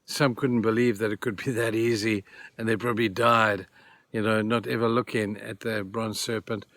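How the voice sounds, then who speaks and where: A man's voice: fairly low pitch, little pitch movement, normal speed, fairly bright tone, no echo. A man giving a short devotional talk, earnest and plain, repeating key phrases for emphasis. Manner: retells scripture stories in plain everyday words. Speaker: church speaker giving devotions.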